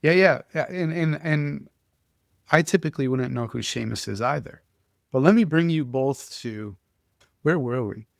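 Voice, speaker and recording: A man hosting a podcast who tells stories in an animated, casual way, often restarting his sentences. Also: a little high, normal speed, vocal fry, no echo, studio quality. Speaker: podcast host. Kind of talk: casual conversational storytelling.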